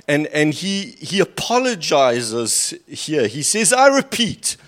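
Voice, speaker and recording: A man's voice: fairly high pitch, sing-song, slow, a bit bright. A man preaching a sermon, reading scripture aloud with rising emphasis and breaking off for dry, sarcastic asides. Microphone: handheld or stand mic at a lectern.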